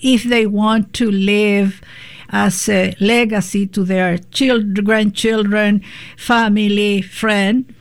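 Slow-talking woman radio host. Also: mid-range voice, fairly even intonation. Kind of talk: casual radio interview.

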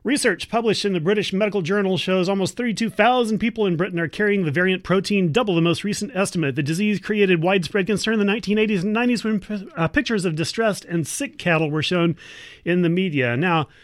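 A woman's voice: medium pitch, quick pace, dry recording. Female community radio host, wry editorial commentary, dry studio mic. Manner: wry, editorializing, breaks in to comment while reading.

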